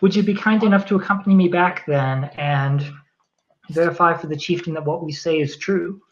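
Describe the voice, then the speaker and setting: A player in a tabletop game who speaks slowly and formally when in character. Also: mid-range voice, highs cut off, a little hiss or hum. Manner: formal, deliberate in-character speech. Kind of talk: in-character tabletop role-play.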